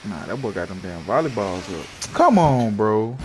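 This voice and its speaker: A man's voice: fairly low pitch, very animated, moderate pace, a little hiss or hum. A man giving casual gameplay commentary, full of profane, slangy trash talk aimed at the game. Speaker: gamer. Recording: game sounds loud behind the voice.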